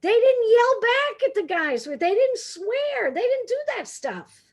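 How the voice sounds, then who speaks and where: A woman in her sixties from Brooklyn tells funny stories with a brash, quick-witted delivery. Her voice sits high and swoops up and down as she acts out the exchanges. She talks like she is used to firing right back. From Brooklyn, New York. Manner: brash, quick comebacks, animated storytelling. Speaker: guest speaker. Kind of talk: humorous storytelling talk.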